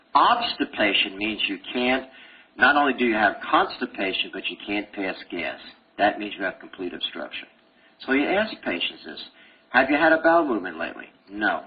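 A man's voice: lowish voice, husky. A middle-aged man giving a live medical lecture, joking and telling stories to his students in a lecture hall. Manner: animated, jokey storytelling with laughs. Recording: dull lo-fi lecture-hall recording with faint hiss.

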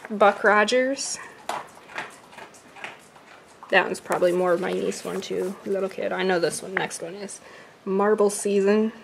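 A woman's voice: mid-range voice, steady tone, gravelly, a little hiss or hum. A woman vlogging casually at home, chatting while she unboxes and reads out comic titles. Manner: chatty, slow when reading titles.

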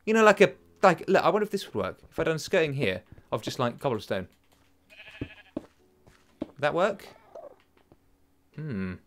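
A young man commentates his game in a chatty, excitable way. His fairly high voice leaps up and down constantly. He keeps poking fun at himself between bursts of delight. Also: quick pace. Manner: chatty, excitable, self-mocking, sings silly chants. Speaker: gaming channel host. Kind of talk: casual let's play commentary.

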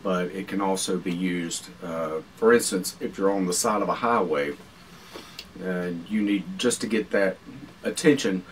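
A lowish-voiced man talks through his everyday survival gear in a relaxed vlog, pausing often and chewing between phrases. He sounds set back from the microphone, with a faint hiss of background noise. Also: far from the mic, rough recording. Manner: unhurried, practical, with frequent uh fillers and pauses. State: talking while chewing food. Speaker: survival channel host. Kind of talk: casual explanatory vlog talk.

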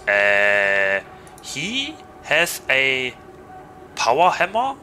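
Slow, lively German-accented streamer man. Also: medium pitch, slight background noise, rough recording. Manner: loose, joking chatter to viewers. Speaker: VTuber streamer. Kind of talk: gaming livestream chat.

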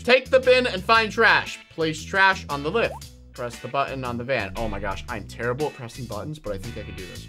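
A young man giving excited, jokey gameplay commentary as a YouTuber, often shouting when things go wrong. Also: medium pitch, brisk, music in the background. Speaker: gaming YouTuber.

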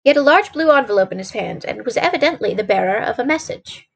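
A woman narrates an old detective novel for her stream, steady and even with the odd stumble. Her voice is husky and sits a little high, with a breathy edge. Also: fast. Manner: steady narration with small slips. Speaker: streamer reading aloud. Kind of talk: storybook reading on a stream.

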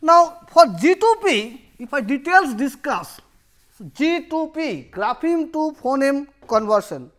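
Halting, repetitive university lecturer. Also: sits high, expressive, a bit bright. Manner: explanatory, repeats and rephrases terms; halting, with frequent restarts.

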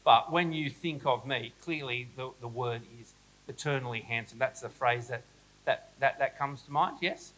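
A man's voice: medium pitch, moderate pace, a bit bright, poor audio. A man with an Australian accent giving a humorous, chatty keynote talk to educators, teasing the audience and himself. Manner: playful, self-mocking, chatty with the audience. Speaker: keynote speaker at an educators conference. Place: school hall, live audience.

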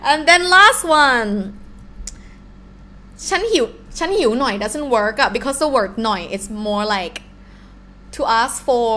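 A young adult woman with a Thai accent, teaching a live language lesson in an animated, encouraging way and asking the class questions. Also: a little high.

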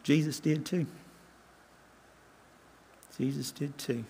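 An older man preaching a sermon as a guest preacher, earnest, repeating lines and slowing down for emphasis. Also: fairly high pitch, steady tone, creaky, darkish tone, slightly rough. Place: church sanctuary. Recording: long church reverb.

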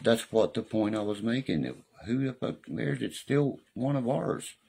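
Picked up by a phone or webcam on a live stream, this man has a medium-pitched, husky, gravelly voice with a dark tone and lively intonation at normal speed. He chats in a rambling, foul-mouthed way and keeps checking whether you know what he means.

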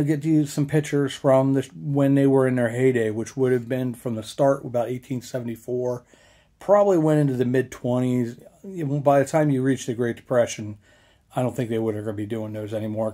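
A man's voice: mid-range voice, mellow. A young man, rambling casually with many fillers as a local history vlogger. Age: young adult.

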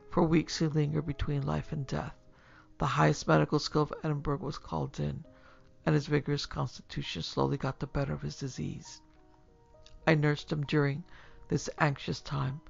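A podcast host narrating a classic horror story in a measured, steady storytelling manner. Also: medium pitch, gravelly. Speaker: narrator and producer. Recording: lo-fi recording with faint music.

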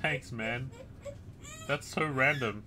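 A man streaming a strategy game, commenting live with excitable, crude, gloating trash talk and bursts of shouting. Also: medium pitch, slow pace, background noise. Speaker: gaming streamer.

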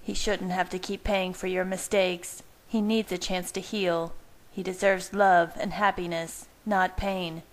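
A woman's voice: fairly low pitch, little pitch movement, unhurried, lightly acted. A woman reading aloud and voicing an angry, protective young female werewolf who shrieks and snarls her accusations. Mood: fervent.

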